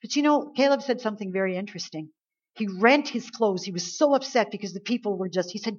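Her voice husky and medium-pitched, a woman preaches fast and expressively in a conversational style, acting out pleas and complaints as the story unfolds. The recording is lo-fi.

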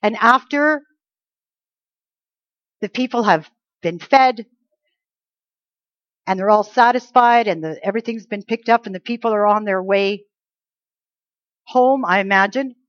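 A woman's voice: medium pitch, a little slow, pauses often, no echo, highs cut off. A woman giving a conversational Bible teaching, checking in with her listeners through rhetorical questions.

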